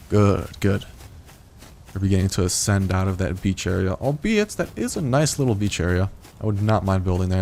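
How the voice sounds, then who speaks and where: A man's voice: deep voice, creaky, darkish tone, a little hiss or hum. A man casually narrating his own gameplay, talking in a chatty, rambling way full of "like". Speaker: gameplay video host.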